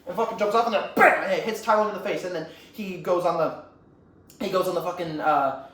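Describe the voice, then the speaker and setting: A man's voice: high voice, steady tone, brisk, a bit bright. A young man who rambles and swears a lot as he retells a movie scene in a casual, comic way. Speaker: YouTuber. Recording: roomy echo, faint ambient noise.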